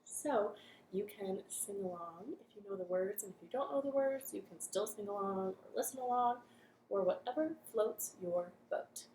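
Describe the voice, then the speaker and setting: A woman's voice: mid-range voice, normal speed, roomy sound. A young woman leading a cheerful children's storytime from her living room, chatting and singing simple songs.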